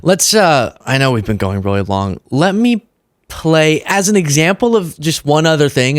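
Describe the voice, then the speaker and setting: Young male commentator, sarcastic monologue, slightly high voice. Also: normal speed, no echo, studio quality. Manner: sarcastic, animated, mocks opponents in put-on voices. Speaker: political commentary host.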